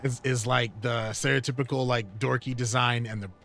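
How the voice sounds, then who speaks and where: A man's voice: medium pitch, fairly even intonation, normal speed, creaky, fairly bright tone. A man streaming a game live, chatting casually in a rambling, sidetracked way with many fillers. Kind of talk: casual gaming chat. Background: game music.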